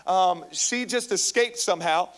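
A male pastor preaching a sermon to a live congregation, telling a personal story with lively energy and calling out to the listeners. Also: sits high, measured pace. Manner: animated storytelling, calls out to the congregation. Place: church, before a live congregation.

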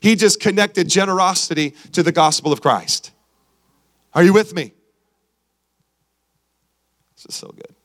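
A man's voice: sits high, measured pace, long pauses, a bit bright. A male pastor preaching a sermon who reads scripture aloud, repeats himself for emphasis and checks in with the congregation.

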